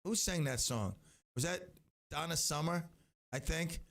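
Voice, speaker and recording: A middle-aged man hosting a local radio show in casual chat, rambling and self-interrupting, now and then breaking into loud singing. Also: fairly high pitch, a little slow, creaky.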